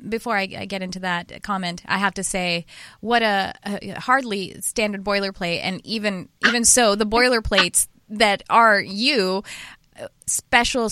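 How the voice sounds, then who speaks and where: A woman hosting an interview, telling stories in a rambling, animated way with many restarts. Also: mid-range voice, no room sound, studio quality. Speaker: podcast host. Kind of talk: casual interview chat.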